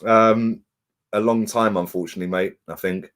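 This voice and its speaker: A man's voice: lowish voice, fairly even intonation, normal speed, a bit bright. A young man, chatting casually on a live stream, reading out viewer comments and laughing often. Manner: laid-back, laughs often, slang-heavy.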